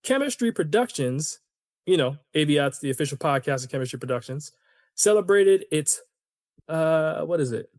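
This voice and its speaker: A man hosting a solo podcast, ranting in an animated, opinionated way and talking to his listeners as "y'all". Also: on the high side, normal speed, no echo, clean studio sound. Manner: conversational, addresses listeners as y'all. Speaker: podcast host.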